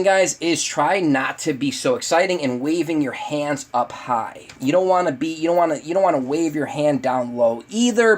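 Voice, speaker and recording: Casual man teaching dog training. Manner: casual, talks straight to viewers as "guys", many fillers and restarts; acts out lively owner voices in high pitch. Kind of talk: webinar teaching.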